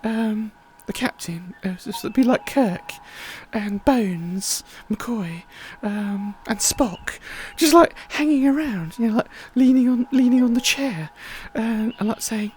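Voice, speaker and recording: A woman's voice: a little high, slow pace, few pauses, a little mellow, slight background noise. A woman hosting a livestream, chatting in a rambling, casual way with many fillers. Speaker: livestream host.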